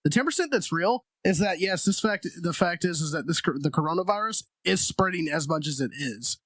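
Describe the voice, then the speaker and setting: A man's voice: fairly high pitch, expressive, fairly quick, fairly bright tone, no room sound. A man co-hosting a comedy podcast, rambling and swearing in casual chat and laughing often. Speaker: podcast co-host.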